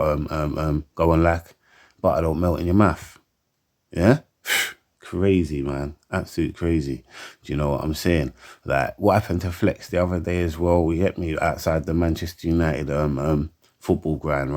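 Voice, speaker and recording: A man's voice: extremely low pitch, darkish tone. A man ranting heatedly to camera, stammering, repeating words and asking again and again whether you get him. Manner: heated and emphatic, keeps asking for agreement. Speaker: commentator. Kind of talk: opinion rant to camera.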